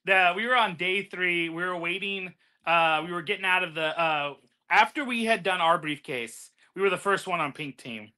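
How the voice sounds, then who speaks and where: A man and former game show contestant, telling stories in a casual group chat, animated and laughing often. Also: high voice, moderate pace.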